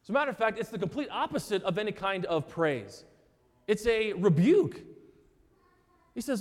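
A man preaching a sermon as pastor, earnest and emphatic, often repeating words and pausing for effect. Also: high voice, lively intonation. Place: church sanctuary. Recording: church hall with long reverb.

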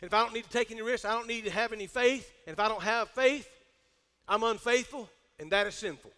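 A middle-aged pastor preaching a sermon, calling for amens and swelling into shouts. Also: male voice, sits high, quick pace. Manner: preacherly, rising to shouts, calls for amen. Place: church sanctuary. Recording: long hall reverb.

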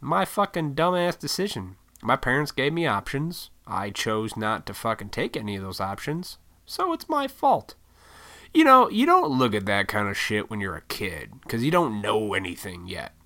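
A man's voice: fairly low pitch, big pitch swings, moderate pace, pushed and bright. A young adult man ranting bluntly in casual talk, swearing often. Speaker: solo talker. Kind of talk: casual rant.

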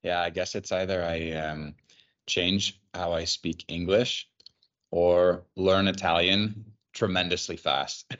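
A man in his forties with a very low voice speaks as a podcast guest. He sounds relaxed and measured, and pokes fun at himself. His call audio comes through somewhat dull. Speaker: marketing executive guest. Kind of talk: podcast interview over a video call.

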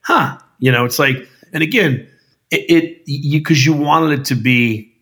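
Man, husky voice, casual podcast chat, profane, says dude and brother. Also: on the high side, a little slow, a bit bright. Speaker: filmmaker guest.

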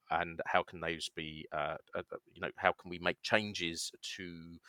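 Male guest, deep but bright and forceful tone, dry close sound, halting explainer. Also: no echo. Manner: hesitant, explanatory, many fillers. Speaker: guest, science education researcher. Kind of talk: conversational podcast interview.

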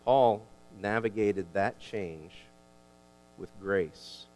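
A man preaching a sermon as a pastor, emphatic and animated, often restarting his words. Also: fairly low pitch, extremely slow. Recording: long hall reverb.

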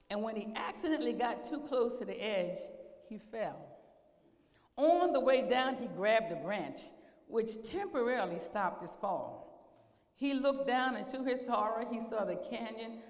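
A woman preaching a sermon, telling a story and acting out its voices, rising at times to a shout. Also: fairly high pitch, very animated, measured pace. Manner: acts out voices, voice swells to shouting. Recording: echoey hall.

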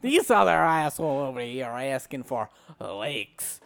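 A man's voice: mid-range voice, sing-song, a little slow, vocal fry, a bit bright, full character voice. A man voicing a brash, crude male zookeeper in a put-on mock French accent, drawling and blustering in an improvised comedy bit. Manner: drawling, blustering, laughing at own jokes.

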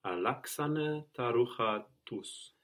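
A man's voice: mid-range voice, lively intonation, takes it slowly, fairly bright tone. A man answering drills in a language lesson with short, careful replies. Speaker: language student.

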